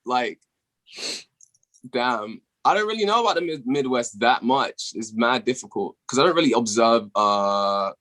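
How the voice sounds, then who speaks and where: A young British man, a musician guest on a podcast, talking casually over a remote call, laid-back and quick to swear and laugh. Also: mid-range voice, lively intonation, sharp tone. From England.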